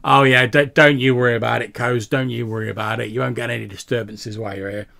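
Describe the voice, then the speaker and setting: A man voicing a squinty-eyed human barkeep who talks loudly and eagerly. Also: mid-range voice, flat delivery, fast talker, gravelly, pitched above the performer's own voice.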